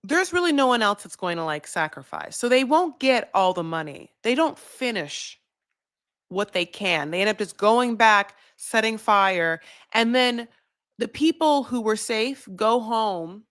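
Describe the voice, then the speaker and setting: A woman's voice: a little high, animated, a little slow, a bit bright, no room sound, studio quality. A woman giving a casual, rambling recap of a reality show, full of "like" and "you know". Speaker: recap vlogger.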